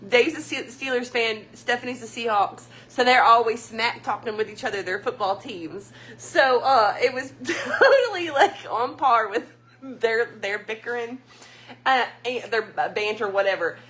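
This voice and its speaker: A woman's voice: fairly high pitch, moderate pace, a bit bright. A woman hosting a casual livestream, chatting with viewers and telling stories with frequent laughter. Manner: chatty, storytelling, laughs often. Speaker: livestream host.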